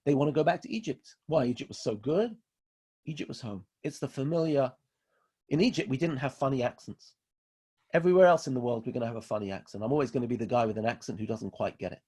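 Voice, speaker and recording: Husky-voiced man teaching with emphasis. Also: medium pitch, expressive, a little fast, a little mellow. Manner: emphatic, repeats key phrases for stress. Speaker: rabbi teaching a class. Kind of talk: Torah lecture.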